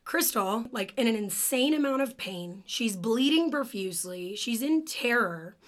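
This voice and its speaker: A woman's voice: a little high, animated, measured pace. A young woman co-hosting a true crime podcast, telling the case in a casual, chatty way with lots of "like" and some swearing. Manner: casual, swears, says "like" often, emotional about the case.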